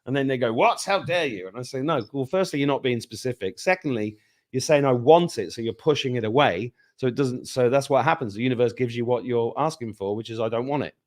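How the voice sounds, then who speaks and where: Male host, mid-pitched, lively storytelling over a video call. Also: quick pace. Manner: animated storyteller, acts out quoted voices. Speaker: podcast host. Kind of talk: casual interview chat. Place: home in Ireland.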